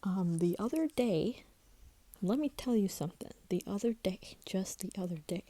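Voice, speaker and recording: A woman's voice: mid-range voice, expressive, moderate pace, dark tone, no room sound, rough recording. A woman vlogger telling a story in a rambling, heated way, swearing and restarting often. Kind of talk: casual storytelling vlog.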